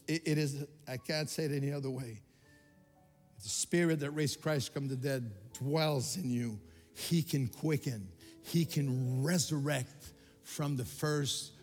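An older male pastor from Quebec preaching with rising passion and frequent restarts. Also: medium pitch. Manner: impassioned, rising to near shouts, many restarts. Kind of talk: sermon. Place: church sanctuary. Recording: reverberant hall with music behind.

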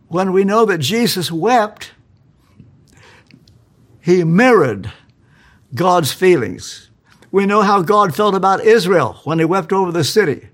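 Slow-talking guy preaching, kinda husky, voice goes up and down a lot. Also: a little high. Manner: earnest, storytelling, rhetorical questions. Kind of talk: sermon.

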